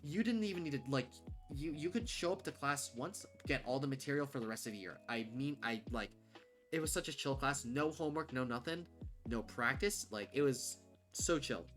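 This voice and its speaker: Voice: medium pitch, animated, moderate pace, a bit bright, soft background music. A livestreamer chatting casually and bluntly, rambling with many fillers and restarts. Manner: rambling, full of "like" and "um", frequent restarts; candid, blunt, swears casually.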